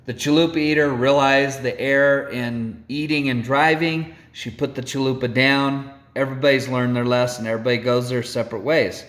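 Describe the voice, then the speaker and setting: A man telling a road-rage story to an audience in an animated, theatrical way, often checking in with "right?" and "okay?". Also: mid-range voice, normal speed, few pauses. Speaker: storyteller speaker.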